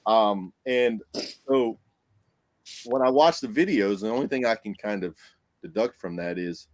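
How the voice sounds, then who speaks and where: On a podcast, a male paranormal investigator animatedly shares a story, performing the dialogue and breaking into frequent laughter. He speaks in a lowish voice, unhurried, with no echo in the sound.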